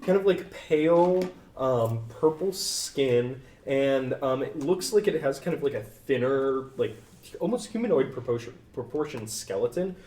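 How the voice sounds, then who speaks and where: A man's voice: medium pitch, animated, measured pace, darkish tone. Rambling male game master, roomy sound. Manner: rambling, full of fillers. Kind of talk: narrating a tabletop game. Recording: roomy, distant mic.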